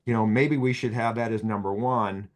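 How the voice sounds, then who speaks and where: A lower-pitched man with a Boston accent, talking through his ideas in a loose, rambling way. He restarts his sentences often and fills gaps with "you know", like a physician guest on a podcast. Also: fairly even intonation, normal speed. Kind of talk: casual podcast talk.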